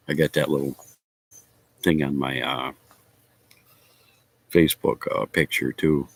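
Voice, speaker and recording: A man's voice: rumbling low, fairly even intonation, a little slow, vocal fry, pauses often. A man chatting casually with viewers of his stream, laughing often and swearing casually. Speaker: livestream host chatting with viewers. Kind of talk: casual chat.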